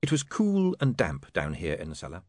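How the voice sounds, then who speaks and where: Expressive male audiobook narrator. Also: low voice, dry recording, studio quality. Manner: expressive, measured storytelling.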